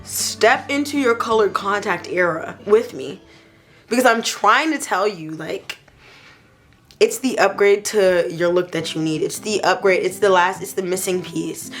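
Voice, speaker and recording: A young woman in a casual beauty review vlog, talking playfully and gushing with excitement. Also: mid-range voice, unhurried, faint music behind. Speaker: beauty vlogger.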